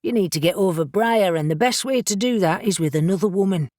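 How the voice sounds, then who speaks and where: A woman's voice: medium pitch, animated, brisk, warm tone, dry recording, clean studio sound, natural voice. A woman reading the part of a big, brash shifter man who talks bluntly and teases his friends. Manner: blunt, teasing.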